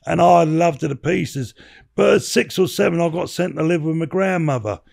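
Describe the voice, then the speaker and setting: High gravelly-voiced older man. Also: normal speed, darkish tone. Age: 60s. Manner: rambling, swearing, peppered with "you know what I mean". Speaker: podcast guest, former bare-knuckle boxer. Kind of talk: casual interview storytelling.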